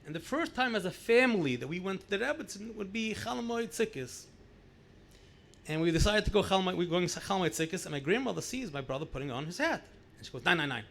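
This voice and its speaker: A middle-aged man, a rabbi, telling family stories in a lively anecdotal way, repeating words for emphasis. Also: high-pitched, fast, creaky. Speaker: rabbi sharing memories at a gathering. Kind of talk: storytelling speech.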